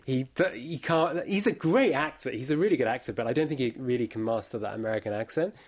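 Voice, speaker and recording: A man reviewing a film in casual chat, pausing often with fillers and restarts. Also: medium pitch, lively intonation. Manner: hesitant, many fillers and restarts. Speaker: film critic.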